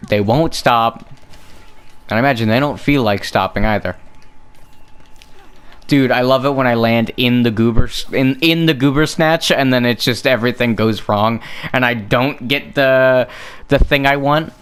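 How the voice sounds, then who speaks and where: A man's voice: medium pitch, normal speed, a bit bright, clear, resonant tone. A young man giving casual gameplay commentary, rambling on tangents and joking at his own expense. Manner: rambling, joking, self-mocking. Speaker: gaming streamer.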